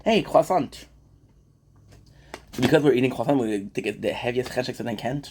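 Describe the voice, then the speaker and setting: A man's voice: mid-range voice, fast, a little mellow, slight background noise. A man rambling in a joking way, chatting casually for an eating vlog, with lots of filler words. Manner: rambling and jokey, with many fillers. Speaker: vlogger.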